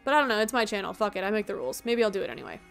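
A woman's voice: medium pitch, big pitch swings, racing, gravelly, soft background music. A woman streaming a game who chats casually to her viewers, rambling and joking at her own expense, sounding tired. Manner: rambling, joking and self-mocking. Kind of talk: casual live-stream chat.

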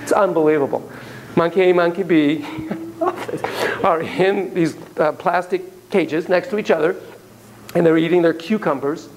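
A man giving a classroom lecture on parenting in an animated, joking way, acting out the examples. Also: on the high side, a little slow, poor audio. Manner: animated, jokey, acts out examples. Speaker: psychology lecturer.

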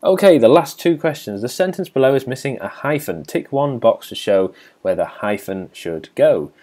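A man's voice: medium pitch, expressive, normal speed, a little mellow. A man working through a primary school grammar test as a teacher. He reads each question aloud and then explains the answer step by step. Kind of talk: test walkthrough lesson.

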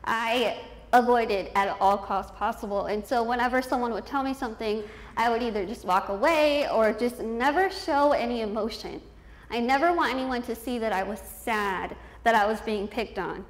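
A woman's voice: a little high, moderate pace. A woman in her twenties telling her life story as a motivational speaker, candid and self-deprecating, laughing often. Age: 20s. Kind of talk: personal storytelling speech. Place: event hall with a youth audience. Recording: echoey room.

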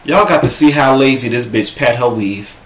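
A man vlogging a casual reaction-video rant from home, sassy, profane and animated, talking to his own camera. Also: mid-range voice, normal speed. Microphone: camera set up in front of him. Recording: echoey room.

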